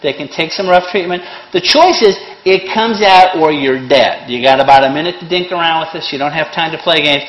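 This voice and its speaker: Fairly high-pitched and brisk, with few pauses, a middle-aged instructor teaches CPR and fills the gaps with sarcastic, blunt humor. The lively lesson is captured on a handheld or worn microphone, in a room that echoes and carries a little noise.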